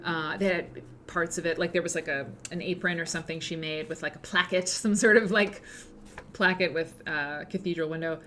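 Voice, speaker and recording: A woman's voice: on the low side, steady tone, normal speed, pushed and bright, a little hiss or hum. A woman, hosting a live quilting show, chatting and reading aloud with many fillers and restarts. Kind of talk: casual live-stream chat and reading aloud.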